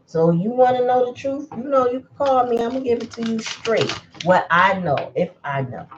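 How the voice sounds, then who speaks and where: A woman's voice: on the high side, animated, normal speed, dull audio, noisy background. A woman giving a casual livestream tarot reading, chatty and blunt in a straight-to-the-point way. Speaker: tarot reader.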